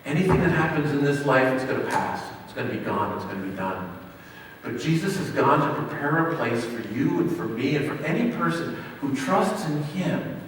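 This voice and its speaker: A male pastor delivers a sermon in a church hall, building to loud emphatic peaks and falling away to quiet lines. The mic sits far off, so his voice rings through a long, roomy reverb with a faint hum of ambience behind. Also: fairly high pitch, expressive, moderate pace. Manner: dynamic preaching, swinging from loud emphasis to near hush.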